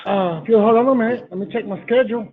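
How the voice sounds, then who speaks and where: A man, a sales trainee, doing phone role-play practice with rapid, eager sales patter. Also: high voice. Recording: tinny phone-like line.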